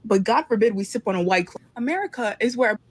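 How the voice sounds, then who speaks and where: A woman runs through a list of complaints in an indignant tone. Her voice is a little high and noticeably husky. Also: lively intonation, quick pace. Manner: listing grievances, indignant. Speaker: social media poster. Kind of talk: complaining monologue.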